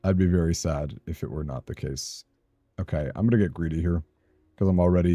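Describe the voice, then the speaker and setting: Rambling, chatty low-voiced man. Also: animated, normal speed, dark tone, dry recording, clean studio sound, faint music behind. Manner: rambling, chatty, talks to viewers by name; self-deprecating, laughs often. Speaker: streamer. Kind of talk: casual live-stream chat while gaming.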